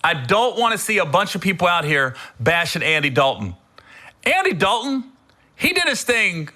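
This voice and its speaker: A middle-aged man hosting a podcast, telling funny stories in a casual, animated way, acting out his own shouting. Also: high-pitched, moderate pace. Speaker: podcast host. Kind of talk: casual storytelling monologue.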